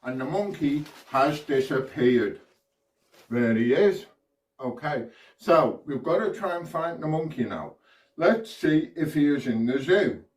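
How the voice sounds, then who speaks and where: A man from the UK performs a magic routine for kids, with slow, playful patter and counting along. He sounds set back from the microphone in an echoey room. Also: on the high side, lively intonation, far from the mic.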